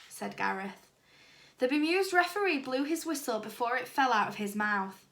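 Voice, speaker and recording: A woman teacher reading a children's storybook aloud, lively and expressive. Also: a little high, normal speed. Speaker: primary school teacher.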